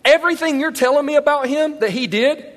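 A man voicing God as a calm, firm male figure who answers the devil with slow, deliberate emphasis. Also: extremely high pitch, pitched above the performer's own voice. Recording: long hall reverb.

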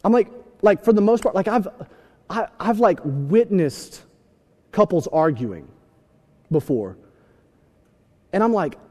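A young man preaching a sermon, telling stories with animated shouts and asides. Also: high voice, takes it slowly, pauses often. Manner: animated storytelling, acts out scenes with shouts. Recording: long hall reverb.

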